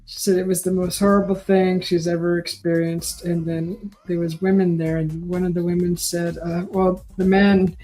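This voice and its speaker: A woman hosting a painting session, casually retelling a story in a halting way, with many restarts and fillers. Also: on the low side, level tone, warm tone, low-quality recording. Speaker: painting host.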